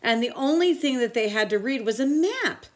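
Expressive woman reading a picture book. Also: on the high side, moderate pace. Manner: expressive storytelling. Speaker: tutor. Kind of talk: children's picture book read aloud.

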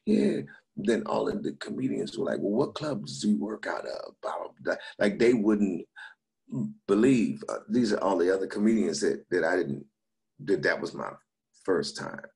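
Middle-aged man, low gravelly voice, laughing storyteller, comedian guest. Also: big pitch swings, moderate pace, a little mellow. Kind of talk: casual storytelling.

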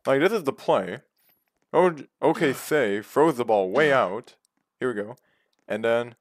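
A man giving play-by-play commentary on a video game baseball league, calm between pitches and yelling on big hits. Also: measured pace, dry recording, studio quality. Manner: jumps from calm calls to loud excited yells.

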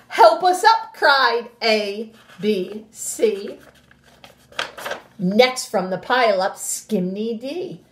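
A woman teacher reading a picture book aloud to young children, animated and expressive, with gasps and playful sound effects, then giving the class instructions. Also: sits high. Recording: roomy echo.

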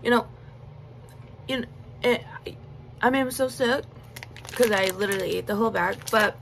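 A woman's voice: on the high side, moderate pace, vocal fry, long pauses, a little hiss or hum, poor audio. Chatty woman vlogging while eating. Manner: chatty, giggly, talks while chewing with mouth full. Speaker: mukbang vlogger. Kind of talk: casual chatty eating vlog.

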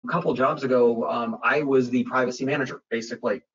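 A man's voice: medium pitch, steady tone, fast talker, a bit bright. A man presenting a webinar Q&A, talking conversationally with lots of fillers and restarts. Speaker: webinar presenter on data privacy. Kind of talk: webinar Q&A talk. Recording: muffled, distant webinar audio.

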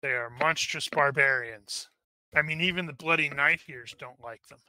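Bright halting game master, man. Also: on the high side, no echo. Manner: halting, many restarts and fillers. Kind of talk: narrating a tabletop game.

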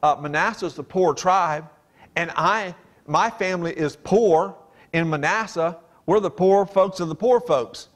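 This preacher's voice is high-pitched and his delivery a little slow. He reads aloud from the King James Bible and explains each verse with earnest emphasis.

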